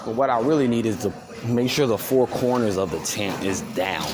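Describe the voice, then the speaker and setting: A man's voice: fairly low pitch, animated, normal speed, heavy background noise. A man telling a rambling story on his vlog, laughing and mimicking others. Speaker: vlogger. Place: store, walking around.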